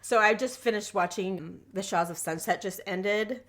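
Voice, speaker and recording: Brief: middle-aged woman co-host, bright tone, candid conversational chat. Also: mid-range voice, normal speed. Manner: candid, conversational, often laughing along. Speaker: podcast co-host. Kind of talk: casual chat.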